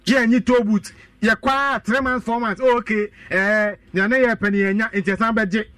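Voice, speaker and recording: Far from the mic, in a dry, clean studio recording, a man with a Ghanaian accent argues politics as a radio guest. His voice sits high and is a bit bright, with fairly even intonation and normal speed, as he mixes Twi and English and hammers his points repeatedly.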